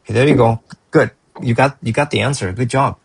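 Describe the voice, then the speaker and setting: Husky-voiced man tutoring math. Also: medium pitch, a little fast, no room sound, rough recording. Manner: encouraging, rambling with frequent restarts. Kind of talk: reviewing a student's work.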